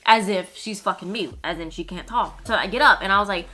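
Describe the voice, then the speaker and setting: A young woman from Minnesota, blunt and frank, telling stories from behind the nail desk with plenty of swearing. Her voice is bright and forward. Faint music plays under her talk. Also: mid-range voice, a little fast. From United States (Minnesota). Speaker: nail technician and vlogger. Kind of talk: casual story time.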